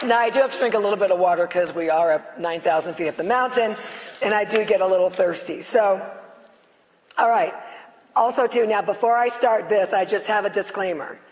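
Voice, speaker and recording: A middle-aged woman on stage, giving a loud, passionate, excitable testimony to a live audience. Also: mid-range voice, brisk. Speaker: guest speaker sharing her healing testimony. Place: on stage before a live audience in a large hall. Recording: long reverb of a large hall.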